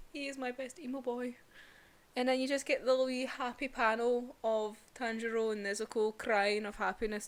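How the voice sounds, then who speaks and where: A young woman gushing excitedly through a casual manga chapter review, full of fillers. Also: on the high side.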